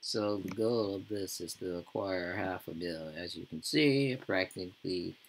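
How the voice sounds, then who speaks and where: Low, gravelly man ranting over gameplay. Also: moderate pace, music in the background, rough recording. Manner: profane, slangy, rambling. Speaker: gaming YouTuber. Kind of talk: casual gameplay commentary.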